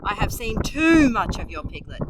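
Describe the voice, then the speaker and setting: A woman voicing a gruff, exasperated billy goat, outdoors in loud wind. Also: fairly high pitch, very animated, normal speed.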